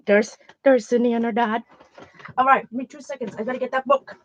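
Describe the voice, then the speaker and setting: A woman's voice: a little high, fairly even intonation, a little fast, fairly bright tone. A woman hosting a casual livestream from home, talking in an earnest, rambling, chatty way. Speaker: art channel host. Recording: dull lo-fi sound.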